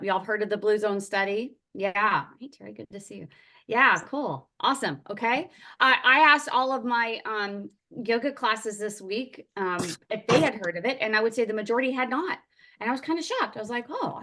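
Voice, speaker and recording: A woman's voice: medium pitch, expressive, a little fast, bright, forceful tone. A woman yoga teacher leading an online workshop over a video call, chatty and upbeat, greeting attendees by name. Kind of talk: casual online workshop talk.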